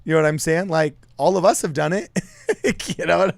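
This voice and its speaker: A man co-hosting a casual political chat over a call, animated and argumentative. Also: on the high side, fairly quick, creaky, no room sound, studio quality. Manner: animated, argumentative, laughs while talking. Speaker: podcast co-host.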